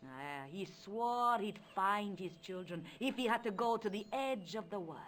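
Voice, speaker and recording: An actress voicing a proud, formal countess in a video game, with an imperious, dramatic manner. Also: female voice, medium pitch, expressive, normal speed, a bit bright, slight background noise, close to an everyday voice. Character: proud Spanish countess, haughty, bitter, later hopeful.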